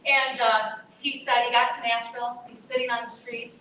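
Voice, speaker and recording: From far off in an echoey chapel hall, a woman speaks earnestly and conversationally to students, addressing them directly. Her voice sits on the high side with little pitch movement, a moderate pace, and a sharp tone, and faint noise is audible.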